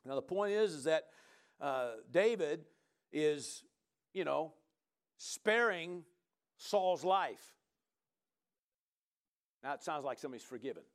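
Animated man preaching a conversational sermon. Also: on the high side, slow, long pauses. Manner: animated, conversational preaching with frequent "come on" and "right?". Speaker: pastor.

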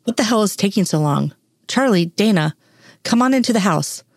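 A gruff, scowling brother who has no patience for anyone, read by a woman. He barks his lines impatiently. The sound is dry. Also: medium pitch, expressive, normal speed, no echo, pitched above the performer's own voice. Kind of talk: reading fan fiction aloud.

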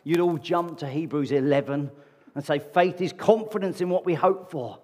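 A man's voice: on the high side, normal speed, darkish tone. A man preaching a sermon to his congregation in a conversational way, often asking them rhetorical questions. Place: church meeting hall. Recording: long reverb of a large hall.

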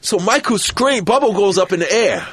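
A man guesting on a podcast, telling an anecdote in an animated, profane way and acting out the quotes. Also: sits high, normal speed, husky, no room sound. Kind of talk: storytelling anecdote.

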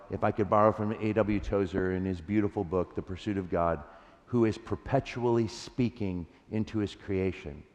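A man's voice: on the low side, big-room sound. A man preaching a sermon as pastor, earnest and conversational, telling stories and acting out the voices in them. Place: church.

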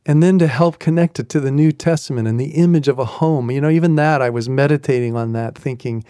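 A man's voice: medium pitch, fast, few pauses, mellow, clear, resonant tone, no room sound, studio quality. A man hosting a devotional podcast, teaching in an earnest, reflective way and repeating key phrases. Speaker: podcast host and Christian teacher.

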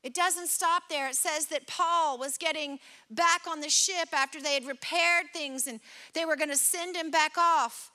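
Woman preacher, very high and bright voice, earnest and conversational. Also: fairly even intonation, a little slow. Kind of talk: sermon.

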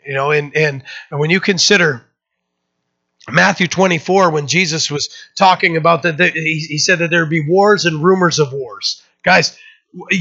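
A pastor preaching a sermon in a conversational, emphatic way, with many fillers and restarts, and breaking into lively quoted voices. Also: male voice, lo-fi sound. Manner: acts out quoted voices with sudden lifts in pitch.

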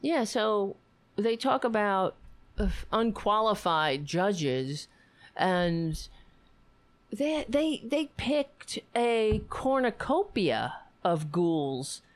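A woman's voice: medium pitch, big pitch swings, drawn-out words. A woman hosting her own political talk show, ranting with sarcasm and indignation, swearing and laughing between points. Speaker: political commentary host. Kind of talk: casual political rant.

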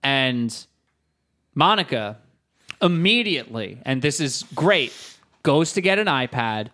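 A man's voice: mid-range voice, big pitch swings, takes it slowly, sharp tone. A man co-hosting a casual comedy podcast, reviewing a movie with friends, joking and laughing often. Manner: jokey, laughs often, acts out quotes. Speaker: podcast co-host.

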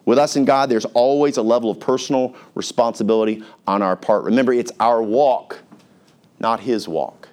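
A man's voice: mid-range voice, normal speed, darkish tone. Pastor guy preaching, earnest and chatty, reading verses out. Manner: earnest, conversational, reading scripture aloud. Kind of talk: sermon.

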